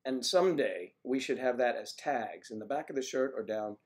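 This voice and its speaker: An older man from the East Coast hosts a live stream, chatting in a loose, rambling way. He reads viewer comments aloud and answers them by name. His voice sits at a middle pitch for a man. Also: animated, normal speed. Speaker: livestream host. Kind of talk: casual livestream chat reading viewer comments.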